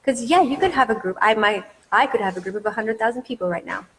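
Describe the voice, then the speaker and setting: A woman's voice: a little high, quick pace, a bit bright, a little hiss or hum. Enthusiastic woman coach, reverberant room. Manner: enthusiastic, repetitive emphasis. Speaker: business coach. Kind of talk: coaching masterclass talk. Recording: long hall reverb.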